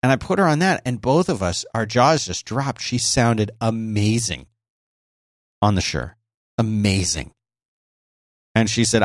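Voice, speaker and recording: A man's voice: on the low side, big pitch swings, normal speed, pauses often, no room sound. A man hosting a casual solo podcast, talking in a conversational, explanatory way with frequent restarts, on a close dynamic microphone in a home office. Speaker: podcast host. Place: home office by a busy highway. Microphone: close dynamic microphone with noise gate.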